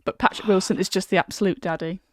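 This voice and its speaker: Woman host chatting on stream, lots of ums and giggles, mid pitch, dry sound. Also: steady tone, quick pace, no echo. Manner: giggly, hesitant, lots of fillers. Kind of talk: casual chat.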